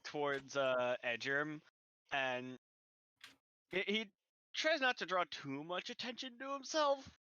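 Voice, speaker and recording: Slow, high-voiced male player. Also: bright, forceful tone, clean tone, dry recording, muffled recording. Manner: halting, drawn-out narration. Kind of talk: narrating his character's actions.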